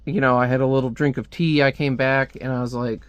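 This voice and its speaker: A man's voice: medium pitch, fairly even intonation, a little fast, clean tone, dry recording, dull audio. A man casually reviewing a comic book on video, rambling with lots of filler words and restarts, close to the mic at home.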